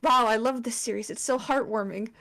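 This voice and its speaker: A woman's voice: a little high, fairly even intonation, fairly quick, fairly bright tone. A young woman presenting a slideshow to friends in casual chat, swearing often and filling with likes and ums. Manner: chatty, swears, lots of fillers.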